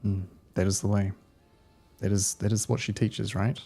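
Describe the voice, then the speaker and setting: A man's voice: fairly low pitch, little pitch movement, moderate pace, gravelly, dark tone, slightly rough, faint music behind. A man voicing an anxious young woman companion who is near tears, asking worried, pleading questions. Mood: earnest.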